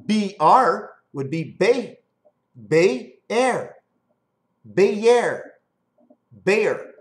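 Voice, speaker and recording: A man in a rambling monologue, riffing on words and spelling out letters in an animated, sing-song way. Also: sits high, extremely slow. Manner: free-associating wordplay, spelling out letters.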